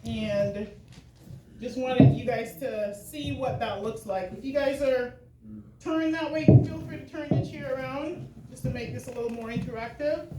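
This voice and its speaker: A woman giving a keynote talk to a live audience in a chatty way, laughing often. Her voice is fairly high. She sounds far from the mic in an echoey hall with a faint hiss. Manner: chatty and laughing, with many fillers. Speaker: keynote speaker.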